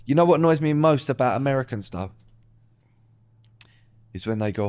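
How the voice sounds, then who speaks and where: A man's voice: mid-range voice, animated, moderate pace, pauses often, darkish tone. A man co-hosting a podcast, bantering casually and swearing as he mocks people in put-on voices. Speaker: podcast co-host. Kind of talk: casual chat.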